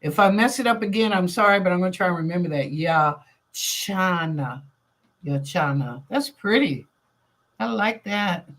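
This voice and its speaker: A woman hosting a live psychic reading show, talking with her viewers in a chatty, lively way full of casual street slang. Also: medium pitch, brisk. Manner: reads viewer questions aloud. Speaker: psychic reader and show host.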